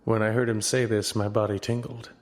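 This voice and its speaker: A man's voice: lowish voice, little pitch movement, brisk, natural voice. A man playing a wry, wisecracking private eye. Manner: dry, self-amused first-person narration. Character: wisecracking hard-boiled male private eye. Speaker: narrator and lead detective. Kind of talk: comedic noir radio play. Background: guitar music.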